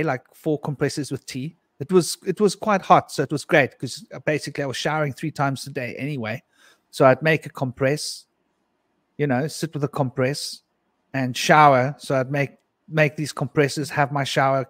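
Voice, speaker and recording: A man's voice: fairly high pitch, no room sound, clean studio sound. A middle-aged man on a live panel, telling a rambling personal story, laughing often and acting out what people said. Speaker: panel guest.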